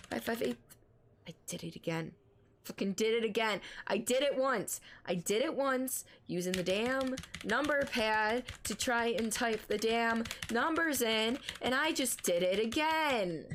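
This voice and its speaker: A female streamer with a slightly high voice chats casually with her viewers while commenting on gameplay clips, swearing freely and laughing at herself.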